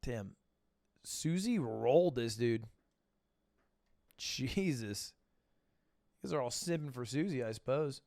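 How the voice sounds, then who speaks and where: A man's voice: mid-range voice, expressive, slow pace, pauses often, a little mellow, dry recording, studio quality. A man in his twenties hosting a stream, joking in casual chat and laughing often. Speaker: streamer host. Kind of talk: casual chat while reacting to posts.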